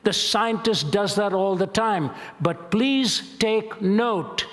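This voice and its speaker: A man in his sixties preaching a sermon in a measured, rhetorical style, reading long quoted passages dramatically. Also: sits high, fairly bright tone. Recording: echoey hall with long reverb.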